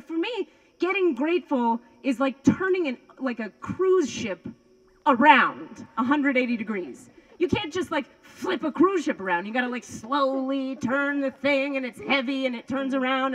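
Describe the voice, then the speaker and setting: A woman's voice: high-pitched, a bit bright, poor audio. A woman doing stand-up comedy outdoors on a lawn, rambling, swearing and mocking herself. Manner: rambling, profane and self-mocking. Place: outdoors on a lawn before a crowd.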